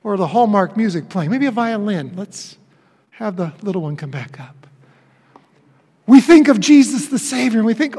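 A man preaching a sermon as pastor in a church sanctuary, emphatic, with dramatic pauses and swings from loud declarations to hushed phrases. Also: high-pitched, lively intonation, husky. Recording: long reverb of a church hall.

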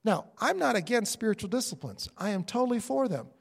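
Animated high-voiced male preacher. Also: brisk, creaky, breathy edge. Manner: animated, acts out inner voices of believers. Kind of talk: sermon. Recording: long hall reverb.

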